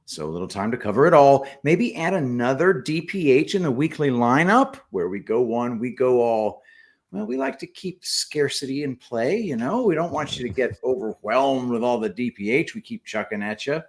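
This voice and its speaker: A man co-hosting a casual livestream, reading viewer messages aloud and adding quick remarks. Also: medium pitch, animated. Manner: reads super chats aloud with quick asides. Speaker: co-host reading donor messages.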